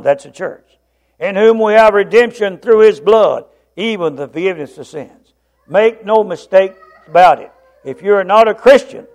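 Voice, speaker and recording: Blunt, emphatic male preacher. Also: a little high. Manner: blunt, emphatic scripture reading with stumbles. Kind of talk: sermon.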